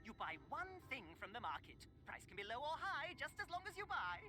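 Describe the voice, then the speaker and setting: A woman's voice: high-pitched, very animated, a little fast, pushed and bright, soft background music, heavily acted. A woman voicing a small, eager burrowing creature merchant in a video game, with chirpy, repetitive, quirky phrasing. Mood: cheerful.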